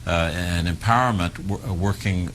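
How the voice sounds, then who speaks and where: A man answering as a news analyst on a TV interview show, halting with many restarts. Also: low voice, a bit bright, a little hiss or hum, low-quality recording.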